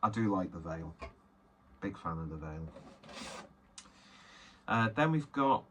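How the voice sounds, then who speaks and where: Man, lowish voice, casual rambling beer chat, self-deprecating, faint background hiss. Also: very animated, slow pace, a bit bright, highs cut off. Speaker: beer reviewer.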